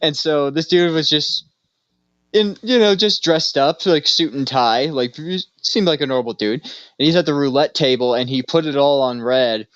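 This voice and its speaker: A young man co-hosts a podcast in casual chat, pitched a little high and rambling through stories with lots of fillers. His voice comes across dry and a little dull, as on a home setup. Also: moderate pace, fairly bright tone, clean tone, dry recording. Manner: rambling storyteller, many fillers. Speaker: podcast co-host.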